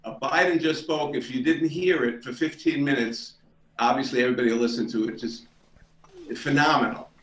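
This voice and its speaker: An older man, a performer at an online open mic, talking in a casual, unhurried, rambling way over a video call. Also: medium pitch, a bit bright, recorded from a distance. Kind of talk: casual chat and joke telling. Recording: roomy, dull video-call audio.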